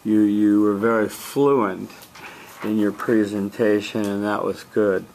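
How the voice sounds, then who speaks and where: A man who coaches debate, giving a student measured spoken feedback on a speech in a classroom, with frequent ums. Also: fairly low pitch, steady tone, gravelly, darkish tone, a little hiss or hum.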